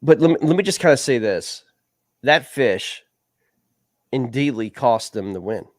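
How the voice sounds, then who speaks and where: A man's voice: mid-range voice, expressive, a little slow, dry recording, clean studio sound. Rambling male league show host. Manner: rambling, repeats "man" and "dude". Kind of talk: casual league recap talk.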